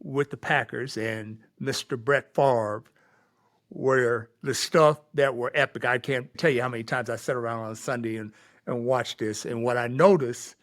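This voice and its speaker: A man's voice: medium pitch, fairly even intonation, normal speed, dry recording, studio quality. Upbeat male podcast host. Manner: upbeat, brief affirmations. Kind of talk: interview hosting.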